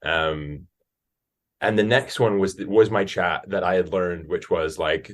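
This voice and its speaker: An American man from Alaska, an actor, chatting as a podcast guest and telling animated stories. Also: low voice, unhurried. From Alaska, USA. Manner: animated storyteller, jumps into quoted voices. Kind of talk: casual interview chat.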